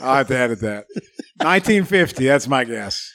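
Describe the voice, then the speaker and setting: A man's voice: medium pitch, expressive, normal speed, fairly bright tone, no echo, studio quality. A man hosting a casual sports podcast, rambling and laughing often. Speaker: podcast host.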